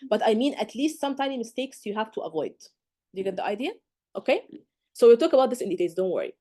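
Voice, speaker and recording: Emphatic woman tutor, warm higher voice. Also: lively intonation, fast. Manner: emphatic, keeps checking understanding with "okay?" and "do you get?". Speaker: medical exam tutor. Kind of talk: live lecture to students.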